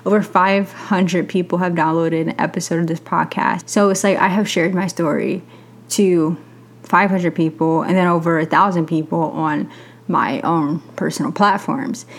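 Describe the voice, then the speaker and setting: A young adult woman hosting a podcast, telling a personal story in a candid, animated way and acting out other people's lines. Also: lowish voice. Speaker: podcast host.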